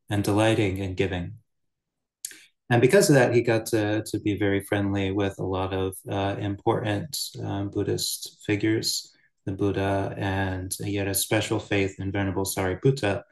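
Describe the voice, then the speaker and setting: A man giving a relaxed, storytelling dharma talk as a Buddhist teacher. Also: fairly low pitch, measured pace, gravelly. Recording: roomy echo.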